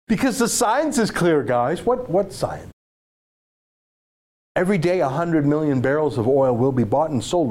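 A man's voice: a little high, a little mellow. A man hosting a political commentary show, talking with mocking, exaggerated sarcasm.

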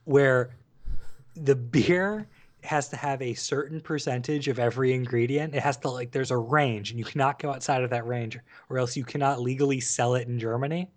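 A man's voice: mid-range voice, fairly even intonation, normal speed. A man from Wisconsin co-hosting a casual podcast, explaining things and steering the conversation. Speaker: podcast co-host. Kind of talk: casual chat.

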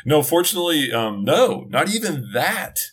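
A man's voice: fairly high pitch, very animated, normal speed, a bit bright, husky. A middle-aged man chatting casually on a podcast, telling a long story with many restarts and asides. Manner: rambling, self-interrupting storyteller. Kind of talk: casual chat.

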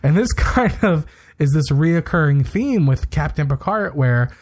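A man's voice: a little high, lively intonation, unhurried, a little mellow. A man co-hosting a podcast, casually recapping a TV episode and retelling scenes with quoted lines and plenty of fillers. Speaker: podcast co-host.

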